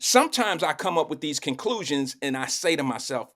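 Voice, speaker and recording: Man, middle-aged, live talk show host, animated, preachy, colloquial, somewhat high voice. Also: fairly quick.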